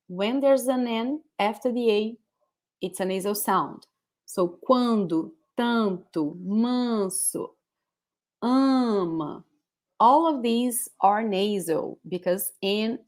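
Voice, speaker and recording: A woman's voice: mid-range voice, takes it slowly. A woman with a Brazilian accent, a Portuguese speaker, teaching a live online pronunciation lesson, repeating words patiently for her students. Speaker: language teacher.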